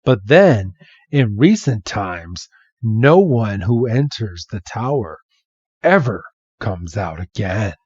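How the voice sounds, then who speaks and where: A man voicing a grave, worried old man in a slow, solemn way. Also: on the low side, very animated, a little mellow, breathy edge, no echo, lo-fi sound, full character voice.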